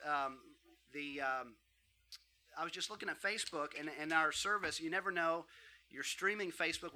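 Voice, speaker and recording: A man's voice: a little high, bright, forceful tone. A man giving church announcements in a friendly, rambling way with frequent restarts. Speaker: church leader making announcements.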